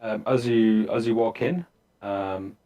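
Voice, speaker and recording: Low-voiced game master. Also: male voice, muffled recording. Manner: relaxed, halting narration with many fillers. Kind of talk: narrating a tabletop game.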